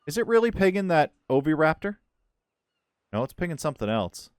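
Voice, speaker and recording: A man hosting a let's-play, talking through his game casually and swinging from hushed to loud excitement. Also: fairly high pitch, fairly quick, smooth, no echo, clean studio sound. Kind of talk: casual gameplay commentary.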